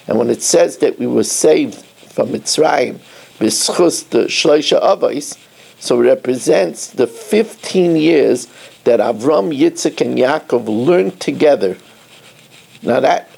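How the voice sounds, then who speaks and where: A man, a rabbi giving an animated Torah lecture who breaks into snatches of song and asks pointed questions. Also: mid-range voice, creaky, husky.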